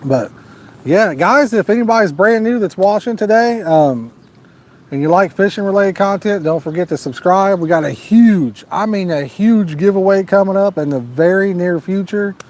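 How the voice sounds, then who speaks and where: A man's voice: high voice, expressive, normal speed, a little mellow. A man hosting a live fishing stream outdoors at night, reading out viewer comments in a folksy, joking, laid-back way. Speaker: fishing channel host.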